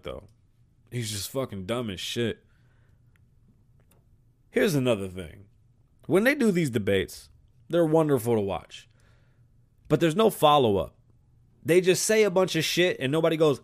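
A man's voice: mid-range voice, very animated, unhurried, pauses often. A man hosting a podcast, ranting with heavy profanity and switching between English and Spanish. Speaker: podcast host. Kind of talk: solo podcast rant.

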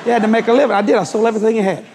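An older man preaching a storytelling sermon, acting out the voices of the people in his story and rising to shouts at the climax. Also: sits high, fairly even intonation, rapid-fire, big-room sound, a crowd in the background, background noise.

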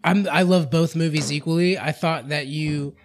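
A man co-hosting a podcast, joking around and quick to laugh in casual chat. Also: a little high. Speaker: podcast co-host.

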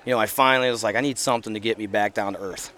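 A middle-aged man talks very fast as a podcast guest in a casual interview outdoors at an event. His lowish voice is steady, pushed and bright. He's earnest and rambling, filling his speech with fillers and restarts.

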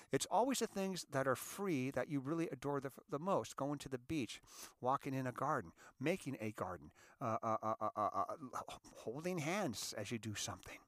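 A mid-range male voice, dry and studio-quality, belongs to a middle-aged host broadcasting a casual self-help talk show from his parked car. He's animated and full of jokes, slipping into different voices for the lines he quotes.

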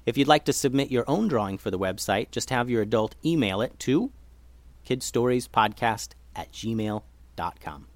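A man narrating a children's story as host, expressive and shifting his pace. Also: medium pitch, moderate pace, no room sound.

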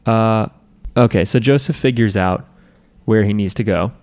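A man's voice: lowish voice, normal speed, a little mellow, smooth. A man co-hosting a podcast, chatting casually and jokingly while recapping an anime, acting out characters' lines. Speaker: podcast co-host.

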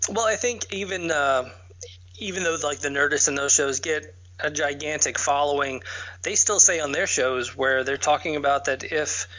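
Male podcaster, slightly high and crisp-toned, friendly and agreeable, dull lo-fi audio. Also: bright, forceful tone. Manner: easygoing, agreeable, quick interjections of "right". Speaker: podcast host. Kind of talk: casual podcast chat. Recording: dull lo-fi recording.

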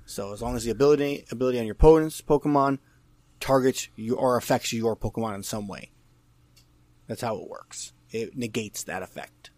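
A young man with a mid-pitched voice co-hosts a podcast, recorded dry and close. He explains card rules carefully, then teases and argues playfully with his partner. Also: fairly quick, darkish tone, no room sound. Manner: teasing, explanatory. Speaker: podcast co-host. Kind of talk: casual chat about trading cards.

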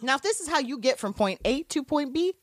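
A woman co-hosting a podcast in casual chat, animated and laughing often, on a close mic. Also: high voice, a little fast, no echo. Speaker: podcast co-host.

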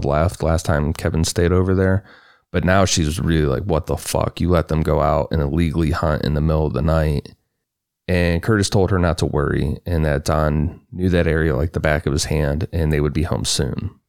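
A man's voice: rumbling low, gravelly, darkish tone, clean tone, dry recording, studio quality. A man co-hosting a true-crime podcast, retelling the case in a plain, matter-of-fact way. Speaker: podcast co-host narrating a case. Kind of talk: casual true-crime storytelling.

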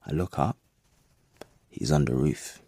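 A cynical streetwise Londoner. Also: male voice, a bass voice, a little slow, creaky, warm tone, slightly rough, no echo, studio quality, exaggerated voice. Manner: casual slangy, musing, wry. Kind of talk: audio drama monologue.

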